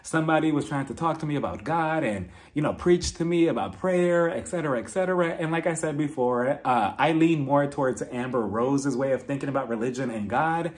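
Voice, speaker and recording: A man's voice: fairly high pitch, fairly quick, hardly any pauses. A man giving a casual, candid recap of a reality TV episode, chatty and outspoken, with frequent swearing and laughter. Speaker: reality TV reviewer.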